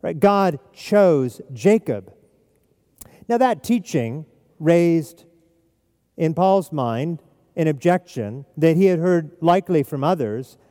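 Male pastor, high voice, mellow tone, emphatic, repeats key points, long hall echo. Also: expressive, takes it slowly. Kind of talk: expository sermon.

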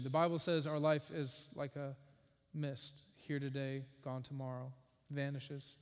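A man's voice: medium pitch, flat delivery, unhurried, clear, resonant tone, big-room sound. A man preaching a sermon as a pastor, earnest and emphatic, with wry asides.

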